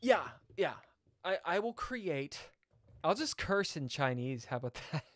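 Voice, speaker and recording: A man's voice: a little high, sing-song, moderate pace, a bit bright, dry recording. Chatty man streaming chess. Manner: chatty, jumps between topics, reads chat aloud. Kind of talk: casual live-stream chat.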